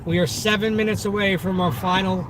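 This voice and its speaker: A man with a thick Boston accent chats away to his stream from the driver's seat, boastful and upbeat. His voice sits high for a man. Road and engine noise rumble clearly behind him. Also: fairly even intonation, brisk. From Massachusetts. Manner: chatty, talks to viewers in chat, upbeat and boastful. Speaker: delivery driver streaming live. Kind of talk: casual live-stream chat while driving. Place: inside a car in the city. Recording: noisy car interior. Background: car and road noise.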